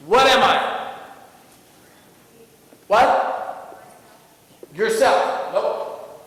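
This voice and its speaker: A man's voice: very high-pitched, normal speed, pauses often. A motivational speaker, a man, firing questions at his audience in a punchy call-and-response style and teasing them along. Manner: energetic call-and-response with the crowd. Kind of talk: motivational speech to staff. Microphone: distant from the recording mic. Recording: distant, echoey hall with faint ambience.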